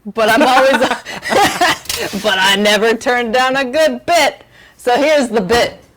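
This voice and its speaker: A woman's voice: on the high side, slow pace, fairly bright tone. A woman hosting a charity livestream from her home kitchen, chatting casually in a rambling, giggly, self-mocking way on a lavalier mic. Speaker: charity stream host.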